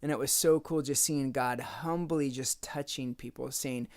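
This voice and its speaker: A man's voice: mid-range voice, steady tone, normal speed, hardly any pauses, darkish tone. Man telling a faith story casually. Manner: conversational, acts out quoted dialogue with "I'm like". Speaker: speaker sharing a faith testimony.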